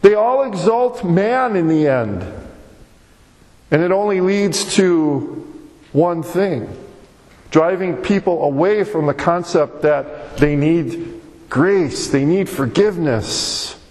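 A man's voice: fairly high pitch, expressive, takes it slowly, a little mellow. A man preaching a sermon as pastor, with an emphatic, repetitive cadence. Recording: long hall reverb.

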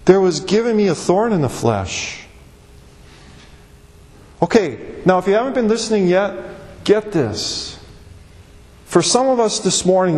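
A male pastor preaching a sermon, reading scripture aloud and stressing key words with slow, deliberate emphasis. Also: high-pitched, sing-song, darkish tone. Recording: long reverb of a large hall.

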